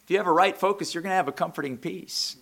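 Bright-voiced preaching man. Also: sits high, fast talker, vocal fry. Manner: preaching, rising to loud impassioned peaks; reads scripture aloud in King James wording. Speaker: pastor. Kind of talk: sermon.

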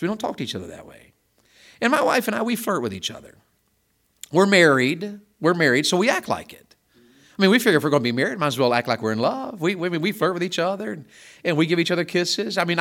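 Telling stories in a chatty sermon, this middle-aged preacher swings between quiet asides and loud, forceful crescendos, frequently repeating himself. His pitch is a little high with big swings, and his pace is fast.

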